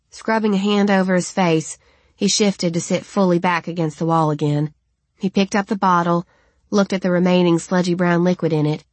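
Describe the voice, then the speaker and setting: A woman reading a first-person novel aloud in a steady, even storytelling voice. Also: fairly low pitch, normal speed, no room sound. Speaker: audiobook narrator.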